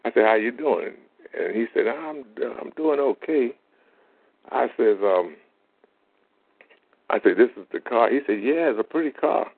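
A man's voice: mid-range voice, lively intonation, unhurried, vocal fry, long pauses, slightly rough. A man, telling faith-healing stories in a plain-spoken, folksy way as a lay minister. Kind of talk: informal testimony monologue. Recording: tinny phone-like audio.

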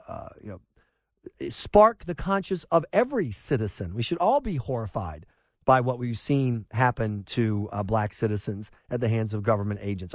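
A man's voice: mid-range voice, no echo. A middle-aged man hosting a talk radio show, delivering an emphatic, opinionated monologue with sarcastic asides.

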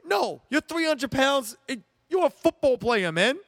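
High-pitched lively man, emphatic sports rant, dry close sound. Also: normal speed, dry recording. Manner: animated, emphatic ranting with frequent laughs. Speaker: sports show host. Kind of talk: casual solo sports rant.

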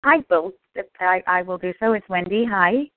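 A woman's voice: fairly low pitch, normal speed, slight background noise. A woman on a group call reciting affirmations and sharing a joke, earnest, with some hesitant restarts. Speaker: call participant. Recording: dry tinny phone line.

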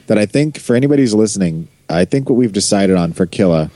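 A man's voice: lowish voice, fast, no echo. An American man co-hosting a podcast, joking around and asking questions in a casual chat. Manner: animated, joking, asks lots of questions. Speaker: podcast co-host.

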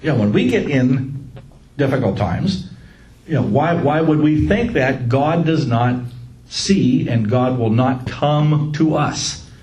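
Animated man leading a Bible study. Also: medium pitch, slow. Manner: joking, animated, laughs at own lines. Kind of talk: casual Bible study teaching. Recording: echoey room with faint ambience.

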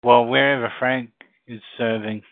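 A man on a community call, asking questions in a hesitant, halting way, often repeating words as he searches for them. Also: medium pitch, steady tone, dry recording. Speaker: caller. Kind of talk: casual chat. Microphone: phone or call line. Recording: tinny phone line, dry.

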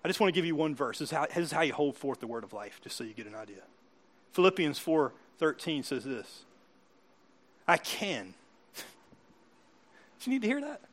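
A man preaching from the pulpit in a high voice, asking his listeners question after question. He builds to loud, emphatic peaks, then drops into quiet, soft asides. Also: very animated, brisk, long pauses. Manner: asks the listeners questions again and again. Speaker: pastor. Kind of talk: sermon.

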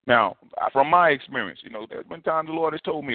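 A man preaching a sermon, in a lively conversational style that repeats and restarts phrases. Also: fairly high pitch, a little fast, no echo. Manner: animated, repetitive, conversational preaching. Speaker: pastor. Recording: tinny phone-like sound.

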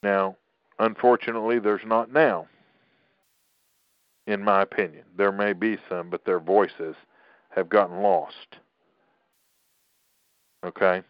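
Man, middle-aged, low voice, opinionated podcast host, dry dull lo-fi sound. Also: flat delivery, takes it slowly, long pauses, no echo. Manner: opinionated, rambling with restarts. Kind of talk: political commentary podcast.

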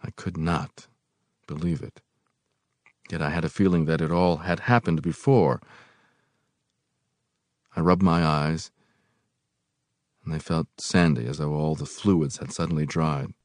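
A man hosting a study session, reading a novel aloud in a measured way. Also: very deep voice, steady tone, darkish tone, dry recording, clean studio sound.

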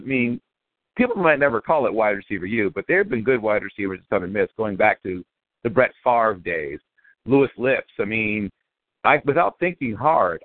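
A man's voice: fairly low pitch, dry recording. A male radio host interviewing football prospects, asking long, winding questions that restart often. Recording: phone-line call.

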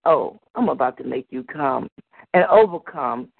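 A woman voicing a teasing, commanding male lover, speaking slow and low over a phone line. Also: expressive, gravelly, breathy edge, dry recording, exaggerated voice.

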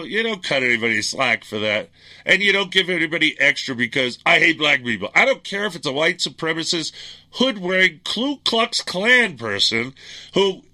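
A man's voice: high-pitched, bright, forceful tone. A middle-aged man hosting a political talk radio show, ranting in a blunt, angry, combative monologue.

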